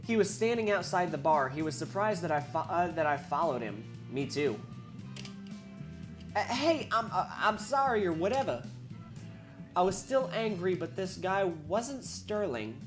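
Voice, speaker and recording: Woman, low-ish voice, animated, wry asides, game reading, soft music underneath. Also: moderate pace. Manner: wry, with asides and self-corrections. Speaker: game reader. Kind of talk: reading a visual novel aloud.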